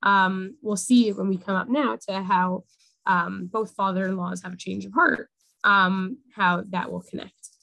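A woman's voice: mid-range voice, fairly even intonation, measured pace, creaky, sharp tone, no echo, poor audio. A young woman teaching a casual Torah class, talking things through with many fillers. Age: young adult.

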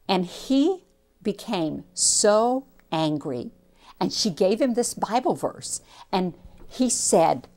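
A woman telling a missionary story to children, expressive and slow, with preachy asides to her listeners. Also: medium pitch, vocal fry.

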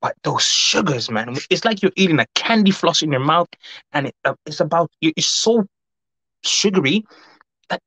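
A man hosting a casual livestream, reading out chat and greeting viewers by name, talking in a rambling, fast way. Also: a little high, expressive, breathy edge, dry recording. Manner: rambling, warm greetings, frequent laughs; fast-talking, says his mouth runs fast. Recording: dull lo-fi dry recording.

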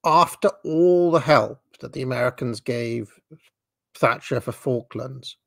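Gravelly, puzzled man reacting to clips. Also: mid-range voice, a little slow, a bit bright, dry recording, studio quality. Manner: puzzled, rambling, with hesitant restarts. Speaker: host. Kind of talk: casual reaction commentary.

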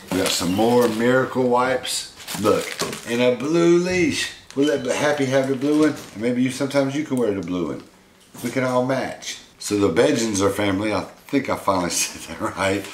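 Guy with a lowish voice chatting to his monkey while opening mail, echoey room, noise behind. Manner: chatty, talks sweetly to his pet monkey. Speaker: pet vlogger. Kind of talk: casual unboxing chat.

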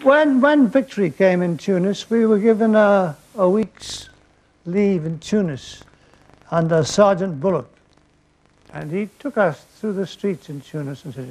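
An older man telling wartime comic anecdotes on stage, with dry deadpan timing and stammered restarts. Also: high voice, a little slow, low-quality recording. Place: theatre stage before a laughing audience.

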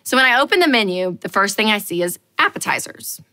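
A woman giving a personal finance talk, telling a story in an animated, playful way and repeating lines for effect. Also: mid-range voice, quick pace.

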